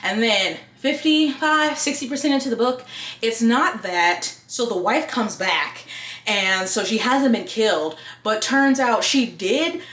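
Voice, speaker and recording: A woman's voice: fairly high pitch, unhurried. Blunt book-vlogging woman in an echoey room. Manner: blunt and expressive, swears casually. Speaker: book reviewer. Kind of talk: casual review chat.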